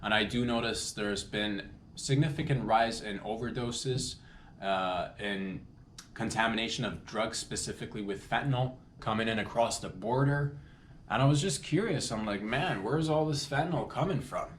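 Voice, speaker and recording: A man's voice: fairly low pitch, moderate pace, a bit bright. A Canadian man hosting a comedy podcast, rambling through a loose solo monologue with lots of restarts and jokey asides. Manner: meandering, self-correcting, loose and jokey. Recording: echoey room with faint noise.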